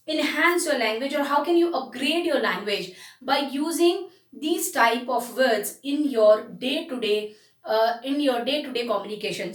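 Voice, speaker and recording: A woman's voice: sits high, echoey room, recorded from a distance. A woman teaching communication skills, explaining with many fillers and restarts. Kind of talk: spoken lesson.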